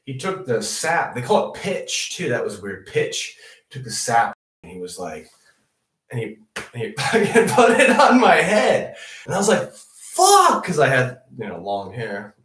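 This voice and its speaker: A young man hosting a comedic news show, rambling through profane stories with frequent laughter. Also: medium pitch. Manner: profane, laughing, animated storytelling. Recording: echoey room, distant mic.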